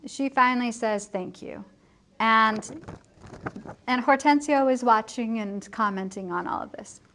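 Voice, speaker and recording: A woman's voice: on the high side, measured pace, fairly bright tone, slight background noise. A woman teacher giving a casual, chatty plot summary to her students, correcting herself as she goes and lightly acting out the lines. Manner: chatty, self-correcting, acts out quotes lightly. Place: school building at lunchtime.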